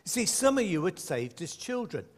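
A man preaching a sermon to a congregation, lively and conversational, with playful asides. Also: high voice, moderate pace. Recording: echoey hall.

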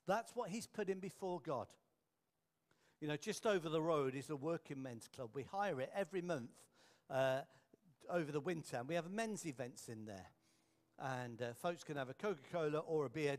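A male preacher with a somewhat high voice, telling anecdotes in an earnest sermon. He turns quiet and slow for his key points. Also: animated. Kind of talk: storytelling sermon.

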